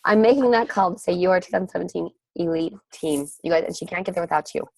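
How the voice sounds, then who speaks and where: A woman with a lowish voice rallies her team on a call, gushing and quick with encouragement. The sound is dry and close, with no room around it. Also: vocal fry, darkish tone, no echo, poor audio. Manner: upbeat, gushing, rapid encouragement. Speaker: network marketing coach leading a team call. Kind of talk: motivational pep talk. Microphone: group call audio.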